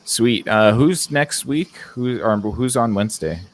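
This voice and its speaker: A man hosting a casual movie and TV podcast, talking in a relaxed, rambling way with lots of fillers. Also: mid-range voice, unhurried, a little hiss or hum. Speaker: podcast host.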